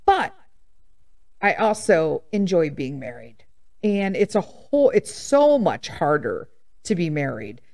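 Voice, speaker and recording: Podcast host, woman, 50s, blunt and sassy, very expressive pitch. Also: slow, gravelly. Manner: blunt, animated storytelling with laughs and sass. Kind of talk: candid casual monologue.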